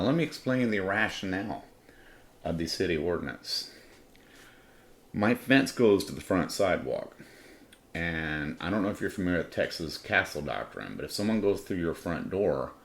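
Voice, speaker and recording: A middle-aged man telling a personal story on his podcast in a blunt, swaggering way, swearing freely. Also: sits low. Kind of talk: casual profane storytelling.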